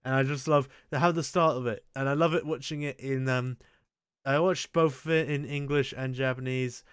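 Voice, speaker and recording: A man's voice: medium pitch, fairly even intonation, normal speed, clear, resonant tone, no room sound, studio quality. A man hosting a casual chat, rambling and crude with frequent restarts. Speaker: show host. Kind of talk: casual chat ranking anime.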